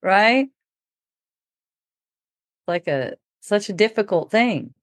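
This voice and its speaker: Low-voiced middle-aged woman, dry sound. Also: unhurried, no echo. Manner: relaxed, laughing often, acting out quoted talk. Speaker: podcast speaker. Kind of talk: casual storytelling.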